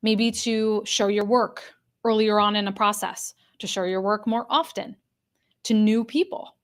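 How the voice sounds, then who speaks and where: A woman's voice: medium pitch, steady tone, measured pace. A woman executive coach teaching a live online workshop, talking straight to her audience and repeating the key points for emphasis. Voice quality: addresses a live chat audience directly.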